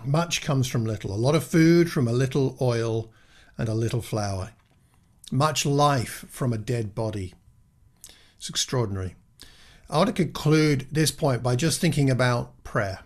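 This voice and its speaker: Male preacher, mid pitch, earnest and reflective, often restarts and asks rhetorical questions. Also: a little slow. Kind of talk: reflective Bible teaching.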